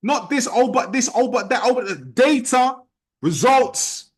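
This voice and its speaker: High-voiced man giving a pep talk. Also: animated, measured pace, slightly rough. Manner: emphatic, repetitive, challenging. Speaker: sales team trainer. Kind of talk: motivational training talk.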